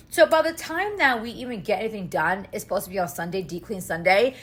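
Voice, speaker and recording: A woman's voice: fairly high pitch, brisk, few pauses, fairly bright tone, breathy edge. A woman in her thirties, a mother of three hosting a podcast, venting emotionally and swearing often in a casual monologue.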